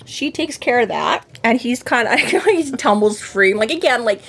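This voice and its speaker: A woman's voice: on the high side, normal speed, crowd noise. A woman chatting casually about a book she is discussing with friends. She talks in long, winding sentences, restarting often and stacking fillers as she works out her point. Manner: animated, rambling, lots of fillers and restarts. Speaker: podcast co-host.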